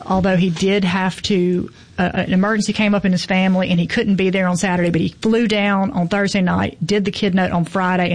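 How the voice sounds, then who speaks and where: Chatty woman festival organizer. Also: medium pitch. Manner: chatty storyteller, acts out quoted voices. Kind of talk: casual chat.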